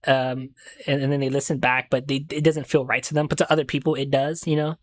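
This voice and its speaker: A woman's voice: extremely low pitch, level tone, fast. A woman streaming a courtroom game, chatting casually, laughing, swearing and stumbling over her words. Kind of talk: casual let's-play commentary.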